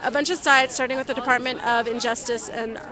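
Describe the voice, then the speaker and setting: A young woman livestreaming outdoors at a night protest from a handheld phone, talking casually to viewers and often shouting out. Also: fairly high pitch, fairly even intonation, fast talker, crowd noise. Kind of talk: live street commentary.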